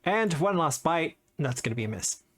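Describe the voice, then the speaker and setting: A man's voice: on the high side, very animated, moderate pace, fairly bright tone. A man acting as game master, giving easygoing, matter-of-fact rulings in a tabletop session. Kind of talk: running a tabletop game over voice chat.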